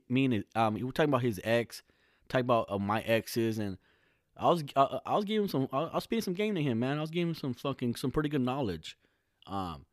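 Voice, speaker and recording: A man's voice: mid-range voice, dry recording, clean studio sound. A man in his thirties from California, talking alone in a casual, rambling, profane podcast monologue full of slang.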